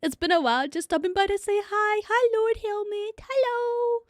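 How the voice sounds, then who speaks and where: High-voiced, blunt woman streamer. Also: moderate pace, no echo, clean studio sound. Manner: profane, blunt, laughs often. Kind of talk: casual livestream chat.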